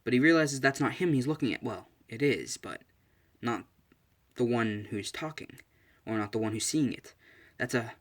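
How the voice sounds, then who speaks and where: A man narrates his own fan story in a casual, unpolished way. He pauses often and restarts sentences as he goes. His voice sits at an ordinary middle pitch. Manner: hesitant, with frequent ums and restarts.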